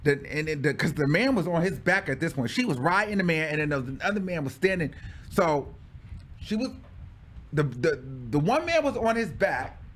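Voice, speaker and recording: A man recounts a personal story in a casual story-time vlog. His voice sits high and swings widely as he tells it. His delivery is dramatic and exclamatory. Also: very animated, normal speed, fairly bright tone, slight background noise. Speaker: vlogger telling a personal story.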